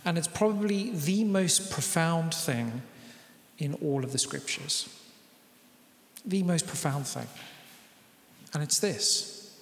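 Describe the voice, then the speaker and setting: A British man delivers a sermon in a chatty, conversational way, often turning aside to speak to the congregation. His voice sits a little high for a man. The recording carries the roomy, lingering echo of a large church hall. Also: takes it slowly, pauses often. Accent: British English. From Britain. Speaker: pastor. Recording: echoey church hall with long reverb.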